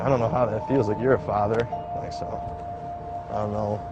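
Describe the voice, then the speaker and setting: A young man recounting a personal survival story in a casual, halting way, with many "like" fillers. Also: lowish voice, steady tone, highs cut off. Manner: casual, halting, heavy use of "like". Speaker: survivor telling his story. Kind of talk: documentary-style personal account. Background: background music.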